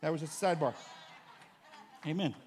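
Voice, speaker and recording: A man preaching a sermon as pastor, animated and conversational, with joking asides to the congregation. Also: a little high, brisk, a little hiss or hum.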